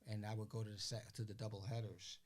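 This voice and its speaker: An older man, a guest on a podcast, telling stories in a casual, animated way. He acts out the voices of the people he quotes and keeps asking "you know what I'm saying?". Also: lowish voice, fast talker. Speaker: interview guest. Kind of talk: casual storytelling.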